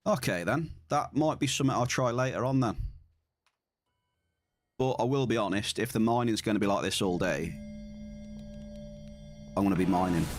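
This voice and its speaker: A man's voice: on the low side, normal speed, long pauses, slight background noise. A man streaming a game, chatting casually and answering his viewers. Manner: chatty, reads and answers chat. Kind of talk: casual gaming stream chat.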